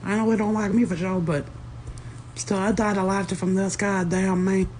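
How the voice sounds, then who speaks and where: A man's voice: sits high, level tone, normal speed, a little mellow, a little hiss or hum. A man in a casual comedy skit, laid-back and crude in his banter. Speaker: comedy video creator.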